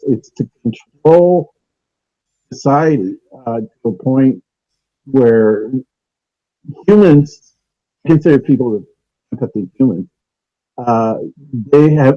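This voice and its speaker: A man's voice: medium pitch, animated, slow pace, pauses often, highs cut off. A man talking casually over a remote call, hesitant and full of fillers and restarts. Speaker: guest on a call-in talk stream. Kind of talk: casual conspiracy talk. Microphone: remote call audio.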